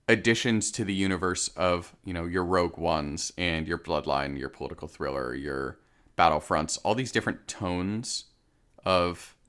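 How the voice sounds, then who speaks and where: A man's voice: deep voice, fairly bright tone, clear, resonant tone. A man co-hosting a podcast, talking casually and thoughtfully. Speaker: podcast co-host. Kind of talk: casual chat.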